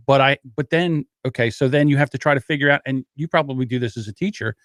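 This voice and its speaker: A man's voice: mid-range voice, dry recording, clean studio sound. A man talking as a podcast guest in casual chat, wry and plain-spoken. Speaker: podcast guest, audio editor.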